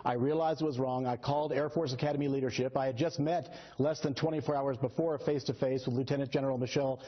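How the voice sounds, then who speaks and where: A man arguing as a guest on a TV news show, excitable and sarcastic, talking over the host. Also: medium pitch, fast talker. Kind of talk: heated TV debate. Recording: dull lo-fi broadcast audio.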